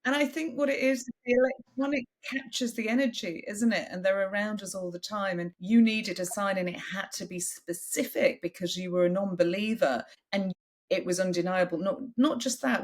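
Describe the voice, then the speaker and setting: A woman hosting a podcast interview in a casual, animated chat. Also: medium pitch, fairly quick. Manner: animated, breaks into lively acted-out quotes. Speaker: podcast host.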